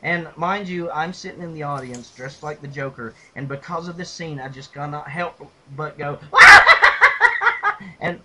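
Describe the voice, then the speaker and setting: Animated man ranting about movies. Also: high-pitched, noisy background. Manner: animated storyteller, mimics lines in a loud gravelly shout. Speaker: podcast co-host. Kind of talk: casual movie review chat.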